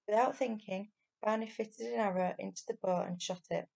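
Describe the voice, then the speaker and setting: A woman teacher reading a children's novel aloud in steady, clear storytelling. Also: mid-range voice, a little fast.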